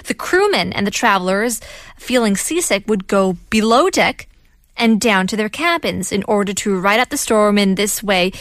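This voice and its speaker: A woman co-hosting a casual chat about English idioms, talking in an animated, friendly way with lots of fillers. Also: mid-range voice, moderate pace, dry recording, studio quality. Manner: chatty, animated, fillers like "you know". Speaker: co-host.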